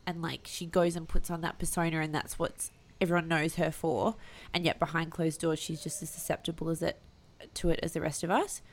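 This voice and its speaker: Brief: female co-host, low-ish gravelly voice, animated casual storyteller. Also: fairly quick. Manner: animated storytelling with many fillers. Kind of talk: casual chat.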